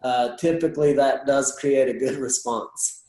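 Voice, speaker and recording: A man's voice: mid-range voice, unhurried, warm tone. A man speaking as a guest in a candid personal conversation, earnest and reflective, often restarting his sentences. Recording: echoey room.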